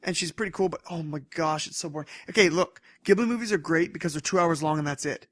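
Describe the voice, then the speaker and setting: Animated, laughing young male podcast co-host. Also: a little high, fast, dry recording. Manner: animated storytelling, laughing, rambling. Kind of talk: casual chat.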